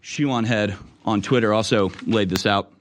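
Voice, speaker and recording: A man's voice: lowish voice, a little slow. A man hosting online news commentary, reacting to clips in an indignant manner with sudden exclamations. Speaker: political commentary host.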